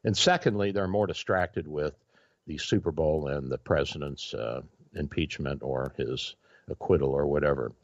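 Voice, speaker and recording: A deep-voiced man hosts a casual radio talk show and rambles through long stories, full of fillers and restarts. The sound is dry and a little dull, like lo-fi radio. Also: normal speed, no room sound. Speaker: radio show host, doctor.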